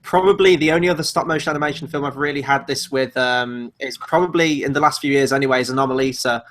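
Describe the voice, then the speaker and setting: A man's voice: medium pitch, fast talker, fairly bright tone. A man co-hosting a film podcast, talking enthusiastically and agreeing often. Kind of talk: casual film review chat.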